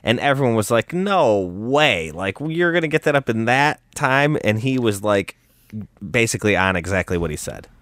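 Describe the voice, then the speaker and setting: A man's voice: medium pitch, expressive, normal speed, fairly bright tone, dry recording, clean studio sound. A man co-hosting a podcast, telling stories animatedly, quoting people in exaggerated voices, laughing and swearing. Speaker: podcast co-host, wrestling promoter. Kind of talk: casual chat.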